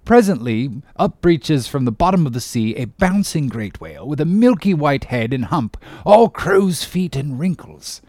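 A man's voice: on the high side, sing-song, normal speed, few pauses, a little mellow, no echo, clean studio sound. A man doing a hearty one-armed English captain. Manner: hearty, rambling storyteller. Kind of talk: audiobook character voice.

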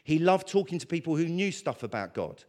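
A man preaching a sermon, talking through scripture and acting out prayers and dialogue in an animated way. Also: fairly high pitch, fairly quick.

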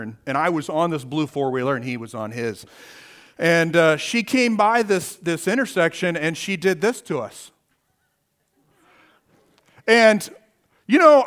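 Middle-aged guy preaching, high-ish voice, animated storyteller telling a story from when he was a kid. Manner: animated storyteller, acts out his own shouts. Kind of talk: sermon with personal story.

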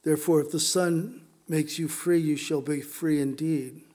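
Slow, high-voiced earnest male preacher. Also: steady tone, dark tone. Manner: earnest, emphatic, urgent preaching. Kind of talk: sermon.

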